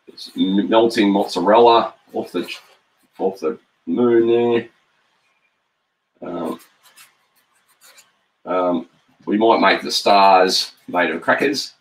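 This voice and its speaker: An Australian man with a fairly low voice gives a jokey running commentary as he draws cartoons live. He is middle-aged, relaxed and full of ums, talking to his viewers like a friendly teacher. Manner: playful, jokey running commentary with frequent ums while drawing. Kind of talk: live-stream drawing chat.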